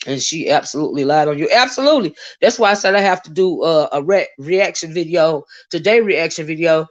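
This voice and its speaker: Chatty woman livestream host, lo-fi sound. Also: low voice. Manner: chatty, greets viewers in the chat; blunt and cussing. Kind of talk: live gossip commentary. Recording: dull lo-fi stream audio.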